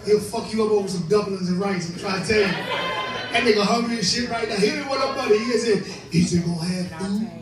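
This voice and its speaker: A man doing profane, brash stand-up crowd work at a live club, laughing often and a bit drunk. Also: high voice. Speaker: comedian hosting a show. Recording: echoey room, distant mic, crowd noise.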